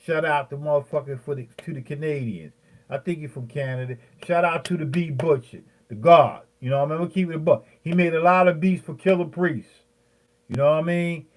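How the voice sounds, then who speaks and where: A man in his fifties, a beat maker, ranting heatedly at his viewers, profane and rambling, with many fillers and pauses. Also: fairly high pitch. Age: 50s.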